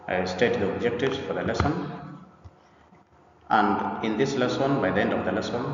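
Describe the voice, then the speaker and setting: A man presenting an English pronunciation lesson in a deliberate lecture style, often repeating himself and pausing on "uh". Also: on the low side, noisy background. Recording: echoey, dull recording from a distance.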